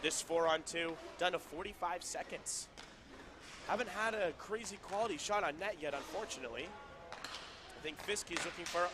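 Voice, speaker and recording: A man giving casual, chatty play-by-play commentary at an indoor roller hockey rink, with quick bursts of excitement. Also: on the high side, background noise. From Southern California.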